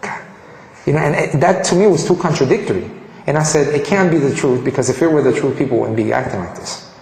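A man from Colombia telling his personal story in an animated way, often restarting his sentences. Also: medium pitch, fast, a little hiss or hum. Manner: animated, frequent restarts and fillers. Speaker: convert giving a testimony. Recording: echoey hall with long reverb.

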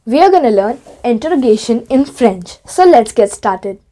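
A woman's voice: a little high, very animated, moderate pace, warm tone. A woman teaching a French grammar lesson in English, explaining step by step and starting many sentences with "so". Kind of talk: online language lesson.

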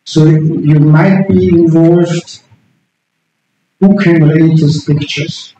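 A middle-aged man, a political science lecturer, giving an unscripted conference talk, halting and repeating words as he searches for phrasing. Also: on the high side, fairly even intonation, mellow. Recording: very echoey room with faint background noise.

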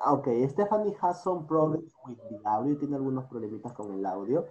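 Male English teacher, mellow voice, calls on students one by one, dull video call audio. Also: mid-range voice, lively intonation, fast, a little hiss or hum. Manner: switches between English and Spanish, coaxing and repetitive. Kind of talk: online class, calling on students.

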